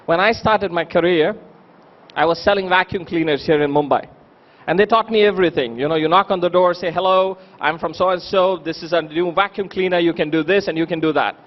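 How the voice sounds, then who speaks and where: A man's voice: high voice, muffled recording. A man speaking at a convention, telling stories and asking the audience rhetorical questions. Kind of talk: motivational speech with storytelling. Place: convention hall.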